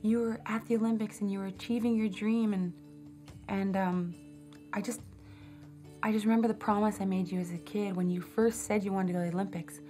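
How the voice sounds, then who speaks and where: A woman's voice: mid-range voice, steady tone, fairly quick, dark tone, soft background music. A woman in a documentary interview, telling a personal story reflectively with casual fillers.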